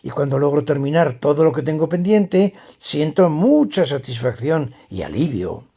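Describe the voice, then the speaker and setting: A man's voice: on the high side, lively intonation, fairly quick, warm tone, breathy edge. A man reading a scripted dialogue as a tired, stressed woman who opens up to a friend. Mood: weary.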